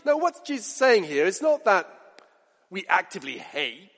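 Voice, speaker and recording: Passionate high-voiced male preacher in a reverberant hall. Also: sing-song, normal speed. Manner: passionate, direct questions to listeners, swings from loud to hushed. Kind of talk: sermon.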